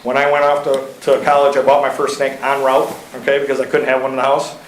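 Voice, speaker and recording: A man's voice: medium pitch, monotone, fast talker, slight background noise. Chatty man, roomy council chamber. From Iowa. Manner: chatty and folksy, lots of fillers and anecdotes. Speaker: local reptile keeper speaking to city council. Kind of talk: casual storytelling at a public meeting.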